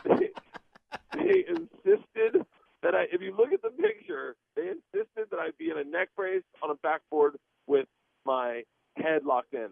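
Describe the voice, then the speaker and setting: A man's voice: sits high, unhurried, creaky, no echo. A man in his forties telling a story in a radio interview, calling in by phone and laughing as he talks. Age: 40s. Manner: animated, laughs through his own story. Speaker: guest comedian. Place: on a plane, then an airplane lavatory. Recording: tinny dry phone line.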